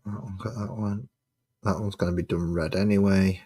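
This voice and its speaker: Guy, low and husky, chatting casually to his stream while painting, with dry sarcastic mutters. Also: steady tone, moderate pace, dark tone. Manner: mutters sarcastic asides to himself.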